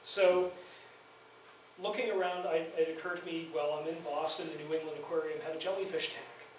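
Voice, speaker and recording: Male guest lecturer, somewhat high voice, anecdotal and self-mocking, distant mic in an echoey lounge. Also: fairly even intonation, brisk, a little hiss or hum. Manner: chatty, self-deprecating humor. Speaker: guest lecturer and documentary filmmaker. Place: university faculty lounge, indoors. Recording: very echoey room, voice far from mic.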